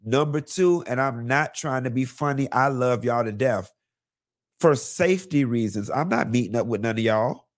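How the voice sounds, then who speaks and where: A man hosting a live celebrity gossip show, talking bluntly and sassily, with lots of cursing and animated storytelling. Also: medium pitch, normal speed. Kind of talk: casual celebrity gossip commentary.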